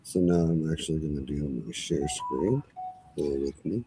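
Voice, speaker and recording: A man's voice: very deep voice, normal speed, warm tone, slight background noise. A man hosting a live stream in casual chat, sounding flustered while he struggles with screen sharing.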